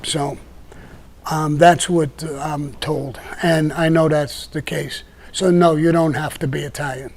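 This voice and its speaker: Older male guest, Brooklyn accent, meandering raconteur, slightly higher-pitched voice. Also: steady tone, measured pace, gravelly. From Brooklyn, New York. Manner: rambling, with many restarts and "you know". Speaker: podcast guest telling stories. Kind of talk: casual storytelling chat.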